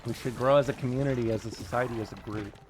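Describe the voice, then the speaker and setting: A man streaming live, chatting casually and wryly with his viewers, quick to joke and to deny things. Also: medium pitch, fairly even intonation, faint music behind.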